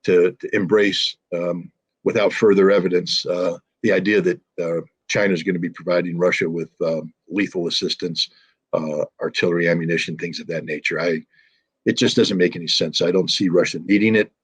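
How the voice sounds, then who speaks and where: A man's voice: sits low, steady tone, moderate pace, breathy edge. A man giving impassioned political commentary as an interview guest, emphatic and heated, with frequent ums and restarts.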